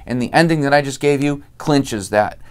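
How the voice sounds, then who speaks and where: Casting: man, casual host, smooth clear voice, rambling and chatty delivery. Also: medium pitch, moderate pace. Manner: chatty, rambling, acts out movie lines. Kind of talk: casual chat.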